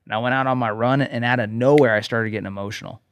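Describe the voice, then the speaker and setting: A man who co-hosts a podcast and works as a coach tells a personal story earnestly in casual conversation, often checking in with "okay?" His mid-range voice is steady and fast, with a slight hiss or hum in the recording.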